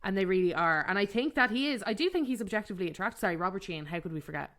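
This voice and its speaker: A woman's voice: mid-range voice, animated, racing, a bit bright. An Irish woman hosting a podcast in casual chat, blunt, playful and swearing freely. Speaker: podcast host.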